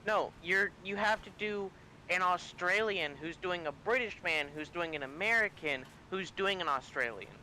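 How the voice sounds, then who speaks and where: A man playing a tabletop game, working out distances and excitedly explaining an accent joke. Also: high voice, normal speed, a little hiss or hum. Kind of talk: casual game chat over voice call.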